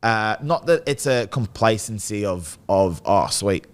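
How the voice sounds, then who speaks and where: A man's voice: lowish voice, animated, measured pace, clear, resonant tone. A young man in his twenties, a guest talking casually and rambling, often saying "bro" and "like". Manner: laid-back, rambling, says "bro" and "like" often. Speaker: guest, rugby league player. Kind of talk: casual interview chat.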